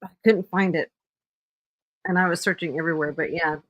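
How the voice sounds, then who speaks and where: A woman's voice: fairly low pitch, steady tone, fairly quick. A woman co-hosting commentary, chatty and agreeing along.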